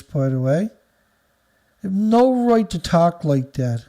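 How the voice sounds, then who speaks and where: Gravelly, ranting man, high-pitched and dark. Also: lively intonation, measured pace. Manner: profane, insulting, reads headlines then rants. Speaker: news commentary host. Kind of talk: angry ranting commentary.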